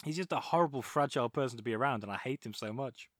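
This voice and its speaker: A man, co-hosting a casual podcast and talking through a film with animated, mocking asides. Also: medium pitch, fast, no room sound, studio quality. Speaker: podcast co-host.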